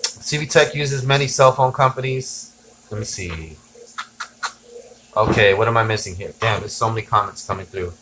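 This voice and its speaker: A man hosting a casual tech livestream. He rambles excitedly, reads viewer comments aloud and gives shout-outs. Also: on the low side, normal speed, long pauses, noisy background.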